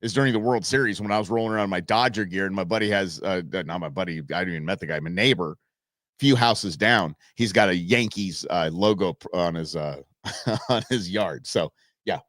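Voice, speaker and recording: A man's voice: low-pitched, brisk, no echo. Rambling storytelling man, dry sound. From Southern California and Arizona. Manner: rambling, animated anecdote with folksy idioms. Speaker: live show host. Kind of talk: casual storytelling on a live stream.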